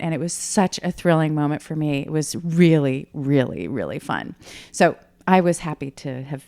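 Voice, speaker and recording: A middle-aged woman telling teammates about her triathlon in casual chat, animated and laughing as she goes. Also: deep voice, moderate pace. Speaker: triathlete guest. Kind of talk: casual race recap chat.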